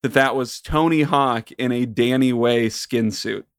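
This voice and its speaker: An American man co-hosting a casual chat, with wry, deadpan jokes. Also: medium pitch, unhurried, clean tone, no echo, clean studio sound. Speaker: podcast co-host.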